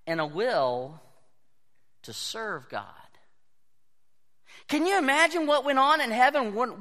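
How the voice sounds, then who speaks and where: A man preaching a sermon, telling animated stories and acting out the voices of the people in them. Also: sits high. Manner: animated storytelling, acts out quoted voices. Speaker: pastor. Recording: long hall reverb.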